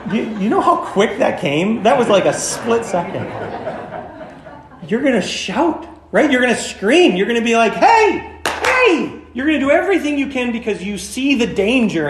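A man with a high voice preaches to his congregation, pressing his points with emphasis. He keeps turning to the listeners with questions. The sound carries the echo of a large church room. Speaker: pastor. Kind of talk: sermon. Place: church sanctuary.

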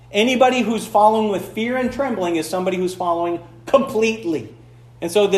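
Recorded in an echoey church, this man from the Upper Peninsula of Michigan delivers a chatty sermon sprinkled with playful remarks. He is a pastor whose voice sits high with a darkish tone.

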